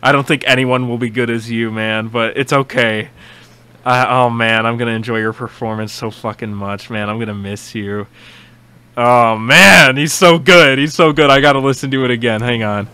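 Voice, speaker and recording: A young man hosting a casual reaction video, excitable and rambling, swearing often with many restarts. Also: mid-range voice, a little fast, clean tone, no echo.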